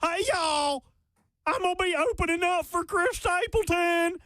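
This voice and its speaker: A man's voice: unhurried, bright, forceful tone, dry recording, studio quality, heavily acted. A man doing a mocking impression of a sweet-talking Southern woman country singer. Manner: exaggerated high twang.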